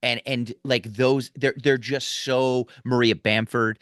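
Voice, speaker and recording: A man in his forties from Philadelphia, a comedian chatting on a podcast, telling stories in a rambling, animated way with many restarts. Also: mid-range voice, slow, no room sound, studio quality. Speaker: guest comedian. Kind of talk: casual podcast chat.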